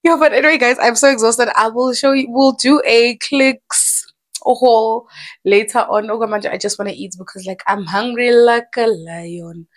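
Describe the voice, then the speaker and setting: A young woman with a South African accent, chatting excitedly in a casual vlog and switching languages mid-sentence. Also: a little high, normal speed. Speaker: vlogger.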